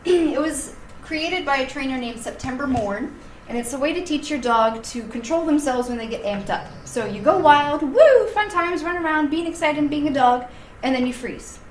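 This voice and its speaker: Energetic woman dog trainer in echoey room. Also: high voice, moderate pace. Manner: energetic, playful, excitable. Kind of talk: demonstration video. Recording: echoey room, voice from off-mic, faint hiss.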